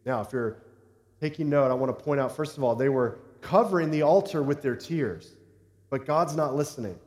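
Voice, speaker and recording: A man's voice: medium pitch, normal speed, a little mellow. A man preaching a sermon as a pastor, talking conversationally and checking in with the congregation as he goes. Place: church sanctuary. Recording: echoey hall reverb.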